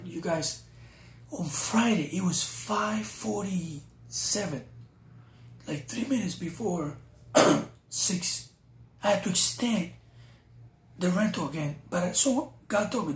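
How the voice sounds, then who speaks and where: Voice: mid-range voice, a little slow, pauses often, a little hiss or hum. A preacher telling a personal testimony to viewers, often calling them "you guys.". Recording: roomy echo.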